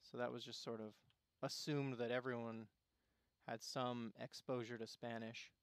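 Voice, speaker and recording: A man talks his way through a gameplay stream, rambling from thought to thought and breaking off mid-sentence. His voice sits at an everyday middle pitch and sounds close and dry, with no room around it. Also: flat delivery, normal speed, smooth, no room sound. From Arizona, USA. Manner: rambling, musing, self-interrupting. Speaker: game streamer. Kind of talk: casual gameplay commentary.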